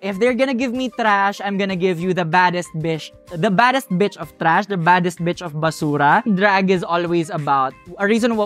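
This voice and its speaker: Brief: young Filipino-accented drag host, animated, playful, emotional in casual podcast chat. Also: female voice, lowish voice.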